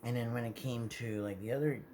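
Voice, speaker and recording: A man's voice: mid-range voice, steady tone, brisk, warm tone, a little hiss or hum. A man talking to his viewers in a meandering, hesitant way, often correcting himself mid-sentence. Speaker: video creator. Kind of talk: casual rambling monologue.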